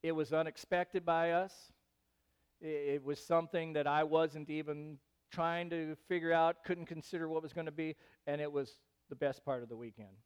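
Man preaching, high voice, smooth and clear, animated, loud emphatic bursts. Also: normal speed. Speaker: pastor. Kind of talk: sermon.

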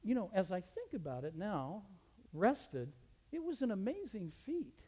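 Animated man telling a story in a hall. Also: sits high, a little slow, husky. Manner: animated, voice rising sharply in retold scenes. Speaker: teacher. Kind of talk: storytelling testimony. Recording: long reverb of a large hall.

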